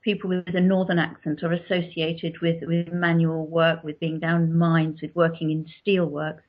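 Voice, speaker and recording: Lower-voiced southern English woman explaining. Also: little pitch movement. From England. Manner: measured, explanatory. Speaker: author. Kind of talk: interview answers. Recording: dull lo-fi recording.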